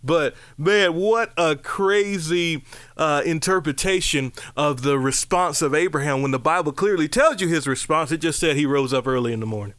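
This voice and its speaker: A man preaching a lively, conversational sermon, breaking into high exclamations and playful asides. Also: normal speed, no echo.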